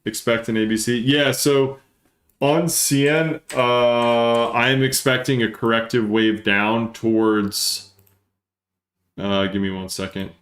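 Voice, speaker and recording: A man hosts a live stream and reads through charts as he talks. He speaks fast and gets excited, working things out aloud. His mid-range voice carries some room echo. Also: medium pitch. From northern New Jersey. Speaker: livestream host and market analyst.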